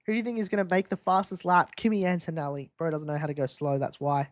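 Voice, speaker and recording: A man's voice: a little high, level tone, fast talker, few pauses, no room sound, clean studio sound. A man hosting a live race-watch quiz stream, teasing viewers in casual chat.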